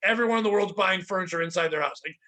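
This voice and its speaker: High bright-voiced man telling a story. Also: racing, poor audio. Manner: animated storyteller, acts out quotes with pitch jumps. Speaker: podcast host. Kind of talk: casual storytelling chat.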